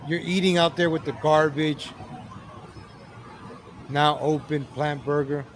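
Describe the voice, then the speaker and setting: A man ranting in exasperation as he comments on videos for his viewers, calling them ladies and gentlemen. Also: fairly high pitch, fairly even intonation, takes it slowly, slight background noise.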